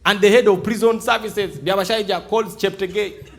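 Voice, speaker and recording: This Ugandan comedian, speaking Ugandan-accented English, has a fairly high, gravelly voice and a normal pace. Performing live in a big theatre, he plays out conversations in changing voices with lively energy.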